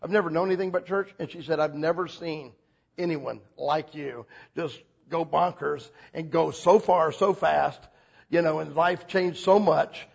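A man preaching a sermon as a pastor, telling stories with lively acted-out quotes. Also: measured pace, vocal fry, slightly rough, muffled recording. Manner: animated storytelling, acts out quotes with big pitch jumps.

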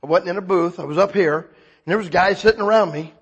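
A man in his sixties giving an emotional, humorous personal testimony, swinging from hushed reverence to excited shouting. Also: high voice, fairly quick, slightly rough.

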